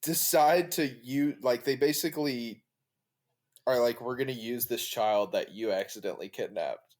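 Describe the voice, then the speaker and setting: A male guest on a casual podcast, with a voice of average pitch. He speaks in a relaxed way, mostly agreeing and adding short details, with quick laughs. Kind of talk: casual recap chat.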